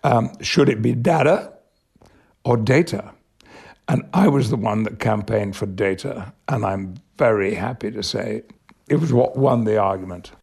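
An older man from Yorkshire, an actor telling anecdotes in an interview in a measured way with frequent chuckles. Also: on the low side, darkish tone. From Yorkshire, England. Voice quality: gravelly, husky. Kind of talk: conversational anecdote.

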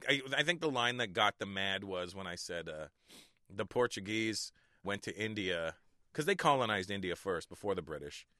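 Middle-aged male comic guest, lowish bright voice, dry close sound, easygoing anecdotes with chuckles. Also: normal speed, no room sound. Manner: chuckles often, relaxed storytelling. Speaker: stand-up comedian, guest. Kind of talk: casual interview talk.

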